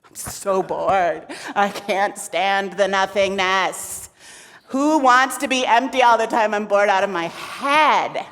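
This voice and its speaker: A woman's voice: on the low side, expressive, brisk, few pauses, big-room sound. A woman voicing a restless, impatient goddess who sounds exasperated and whiny. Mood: bored.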